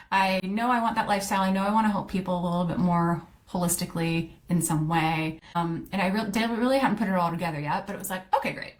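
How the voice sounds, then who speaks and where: A middle-aged woman with a lilt talks through her own story on a podcast. Her pitch sits in a middling range. She is candid and chatty, full of fillers, and she keeps acting out what she once said to herself. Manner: chatty, candid, fillers and quick self-quotes. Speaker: podcast host, coach. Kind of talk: casual personal storytelling.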